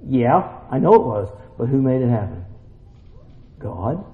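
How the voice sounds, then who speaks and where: A male pastor preaching a sermon in a church, folksy and casual, swinging from hushed asides to excited outbursts. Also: medium pitch, unhurried, pauses often. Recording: roomy, dull hall sound.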